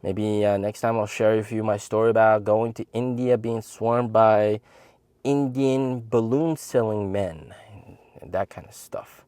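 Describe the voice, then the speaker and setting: A man in his thirties casually telling a funny story to camera as host of his channel, animated and jumping into high voices when he quotes people. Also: a little slow, clear, resonant tone, no room sound. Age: 30s.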